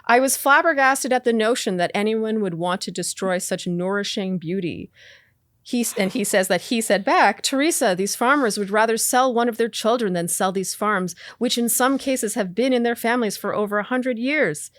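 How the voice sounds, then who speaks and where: A woman hosting a podcast, carefully and apologetically reading out claims to her guest in a measured tone. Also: on the high side, no echo. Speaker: podcast host. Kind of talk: interview, reading book excerpts.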